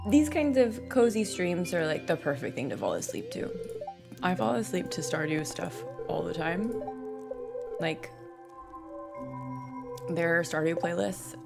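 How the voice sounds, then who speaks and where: A young woman streaming a game, chatting casually and rambling with lots of fillers and restarts, speaking into a desk mic on a boom arm. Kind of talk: casual gaming stream chat. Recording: game music playing clearly behind.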